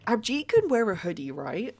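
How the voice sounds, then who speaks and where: A woman, chatting excitably to her viewers while she plays a game on a live stream. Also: medium pitch, vocal fry. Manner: chatty and excitable, quick exclamations. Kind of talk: casual live-stream chat while playing.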